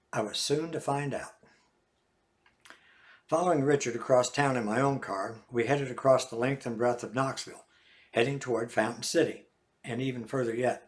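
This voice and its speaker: Older man, folksy memoir reading, middle-pitched voice, animated storytelling. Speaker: author. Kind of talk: reading his memoir aloud.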